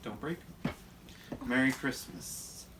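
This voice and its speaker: A young adult man reading a card aloud, low-key and hesitant. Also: slow pace, noisy background. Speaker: gift recipient.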